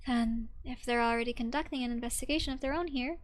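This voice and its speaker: A woman's voice: fairly high pitch, quick pace, lightly acted. A woman voicing an earnest young female leader who speaks carefully and seriously.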